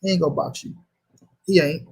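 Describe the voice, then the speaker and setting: A man's voice: fairly high pitch, fairly even intonation, brisk, creaky, darkish tone, breathy edge. A man hosting a casual livestream, reading chat aloud and arguing in a heated, profane way. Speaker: host.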